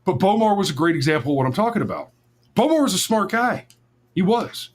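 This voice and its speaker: A man's voice: high voice, sing-song, a little fast. Rambling, profane man telling a story. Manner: rambling, profane, many restarts and self-corrections. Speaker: podcast host. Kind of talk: casual storytelling.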